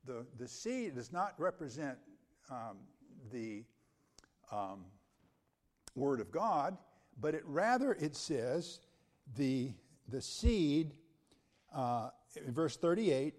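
A man's voice: medium pitch, big pitch swings, takes it slowly, darkish tone. A man preaching an expository sermon, reading scripture aloud and then explaining it step by step, repeating key phrases for emphasis. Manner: occasional restarts when speaking off the cuff.

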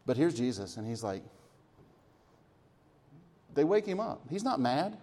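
A man preaching a sermon, swinging between lively emphasis and hushed, quiet moments, with chuckles between points. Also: medium pitch, measured pace. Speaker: pastor.

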